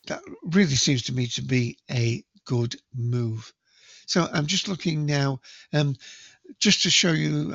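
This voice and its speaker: A man with a gravelly, slightly husky voice reads news stories aloud and chats about them, stumbling over words with many ums. The recording is dry and a little dull, as if made on a modest home setup. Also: mid-range voice, a bit bright, dry recording. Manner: hesitant, many ums and restarts. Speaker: podcast host reading the news. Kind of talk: casual news reading and commentary.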